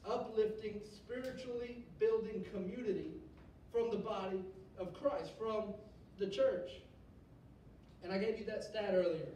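A man preaching a sermon to a student group in a conversational way, often tagging "right?" onto his points. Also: warm tone. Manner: conversational, rhetorical "right?" asides. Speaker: youth pastor. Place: church hall. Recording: echoey hall, mic from a distance, faint rumble.

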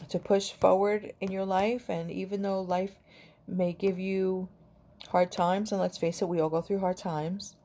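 A middle-aged grandmother and vlogger talks casually to the camera in a rambling, affectionate manner. Her voice is lowish and mellow.

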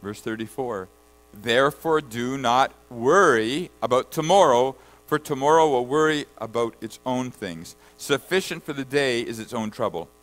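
A man preaching a sermon and reading scripture aloud, rising to loud emphatic bursts and then dropping low and soft. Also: normal speed, soft background music, low-quality recording. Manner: reads scripture verses aloud. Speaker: pastor.

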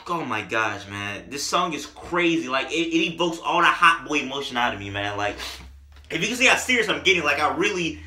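A man doing a comedic music review, riffing in a joking, exaggerated, animated way. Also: fairly high pitch, moderate pace, slight background noise. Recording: echoey room.

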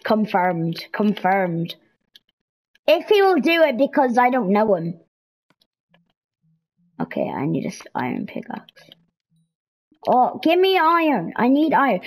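A young woman chats her way through a video game on a headset mic. Her voice sits a little high and swoops widely as she squeals, pleads and bargains with the characters on screen. Between the outbursts she talks at an easy, drawn-out pace. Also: big pitch swings, slightly rough, poor audio. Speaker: gameplay streamer. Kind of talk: casual gaming commentary. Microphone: headset or console mic.

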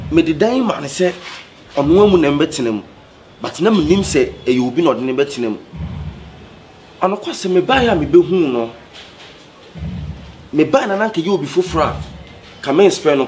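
A man with a Ghanaian accent explaining his film project in a measured, steady way. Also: a little high, slight background noise. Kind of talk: casual explanation mixing Twi and English.

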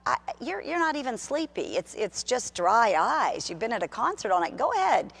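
Woman doing a sly, high, coaxing inner voice. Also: very animated, normal speed, creaky, breathy edge, faint music behind, full character voice. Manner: soft, wheedling, lulling.

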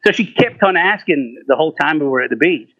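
A middle-aged man, a rock singer, is an animated fast talker with a voice on the high side, a sharp tone, and a breathy edge. He laughs and swears his way through casual stories, imitating the people he quotes, and the recording is dry, muffled, and lo-fi.

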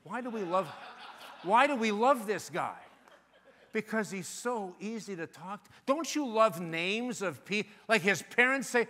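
A man in his sixties speaks from a conference stage with a high-set, sharp, forceful voice. He tells stories and acts out both sides of phone calls, bouncing between voices with plenty of energy. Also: animated, unhurried. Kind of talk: motivational sales talk to an audience.

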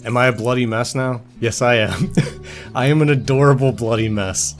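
A man's voice: medium pitch, fairly even intonation, normal speed, faint music behind. A young man giving playful, joking gameplay commentary as a let's play host, swearing casually.

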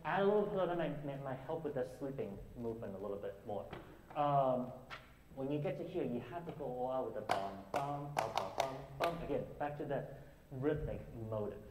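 A man teaching a piano master class, singing rhythms aloud and talking in halting bursts with restarts. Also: mid-range voice, lively intonation, background noise. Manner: sings rhythms aloud to demonstrate; halting, many restarts and fillers. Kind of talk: coaching a student at the piano. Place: concert hall with piano. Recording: roomy hall sound with loud piano. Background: piano playing.

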